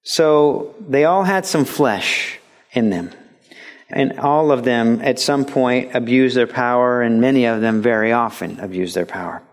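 A man's voice: medium pitch, unhurried. A middle-aged man preaching a sermon as a pastor, talking conversationally and stressing points emphatically.

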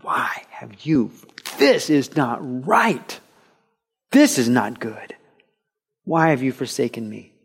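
A man's voice: very high-pitched, takes it slowly, voice pushed up. A man voicing an anguished man crying out in desperation, pleading with repeated questions. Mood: desperate.

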